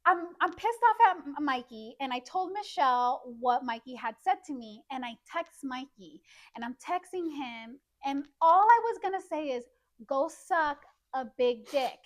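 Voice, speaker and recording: High-pitched woman co-host, animated storytelling, casual chat. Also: moderate pace. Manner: animated, acts out quotes. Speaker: podcast co-host.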